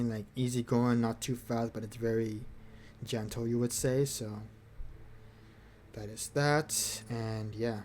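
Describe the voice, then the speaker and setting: Male livestream host, relaxed and rambling, fills the gaps between songs with loose chatter and frequent chuckles. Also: medium pitch, slight background noise. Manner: rambling, laid-back, chuckles often. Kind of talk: casual chat between songs.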